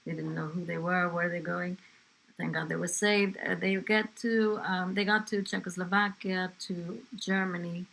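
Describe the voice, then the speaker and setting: A woman's voice: lowish voice, fairly even intonation, moderate pace, vocal fry, a bit bright, poor audio. An older woman from England telling her grandchild family stories in a conversational way, with fillers and asides. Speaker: interviewee, grandmother. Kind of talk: family history storytelling.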